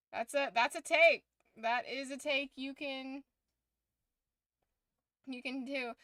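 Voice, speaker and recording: Woman streamer, tired, casual rambling chat, bright tense tone, smooth clear voice. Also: high-pitched, dry recording, studio quality. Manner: chatty and rambling, swears casually.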